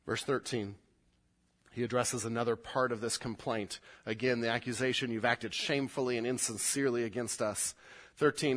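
A man, a pastor, preaching a verse-by-verse sermon, often climbing high and loud as he explains. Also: normal speed. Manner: animated, rises sharply in pitch and volume when explaining.

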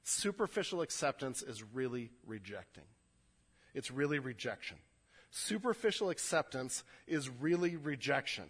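A man's voice: medium pitch, very animated, moderate pace, fairly bright tone, breathy edge. Earnest male pastor in an echoing hall. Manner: earnest, repeats words when building a point. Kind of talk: sermon. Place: church sanctuary. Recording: long hall reverb.

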